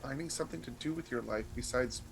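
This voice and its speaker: A man's voice: medium pitch, fast, creaky, noisy background, close to an everyday voice. A man playing an earnest sibling in a tabletop game, speaking plainly and pressing the point in his own voice. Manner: earnest, persistent, plain-spoken. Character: earnest, steady sibling sent by Mom. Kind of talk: live tabletop role-play.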